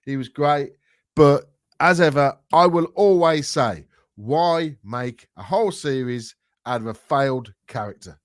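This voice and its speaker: Blunt, jokey male co-host; lively pitch, dry close sound. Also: a little slow, no room sound. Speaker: podcast co-host. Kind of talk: casual chat.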